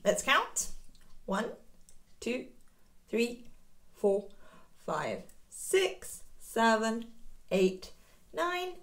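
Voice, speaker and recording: A woman reading a picture book aloud to young children, with a gentle, coaxing, teacher-like way of talking. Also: mid-range voice. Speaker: children's story reader.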